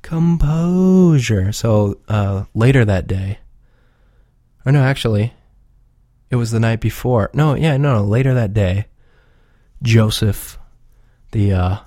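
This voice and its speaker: Chill guy rambling on his podcast, swears a lot, low mellow voice, dry close sound. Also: unhurried, pauses often, dry recording. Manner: profane, rambling, laid-back. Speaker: podcast regular. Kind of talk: casual rambling chat.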